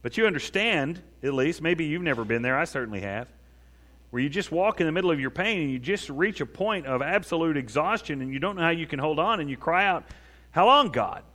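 A man's voice: on the high side, animated, fairly quick, a bit bright. A man preaching a sermon as a pastor, talking in a conversational way and acting out prayers. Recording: long reverb of a large hall.

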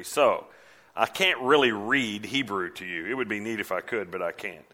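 A man preaching a sermon as a pastor, animated, sometimes mimicking mocking voices. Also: mid-range voice.

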